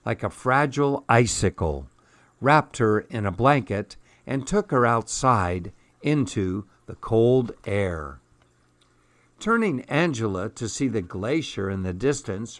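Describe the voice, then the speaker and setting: A man reading children's picture books aloud in a gentle, measured, soothing way. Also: medium pitch, no echo. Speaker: storyteller. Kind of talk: children's storybook read-aloud.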